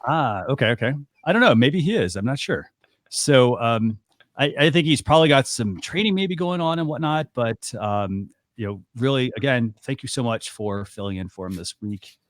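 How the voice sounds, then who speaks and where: A man's voice: medium pitch, expressive, moderate pace, no room sound, clean studio sound. A man hosting a live talk show in a loose, casual way with plenty of fillers. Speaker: host.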